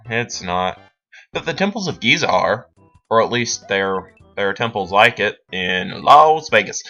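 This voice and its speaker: A late-teen boy hosts a let's play, his lowish voice carrying a bright edge as he rambles through gameplay commentary and pokes fun at himself. The recording sounds dull and lo-fi, with faint game music behind him.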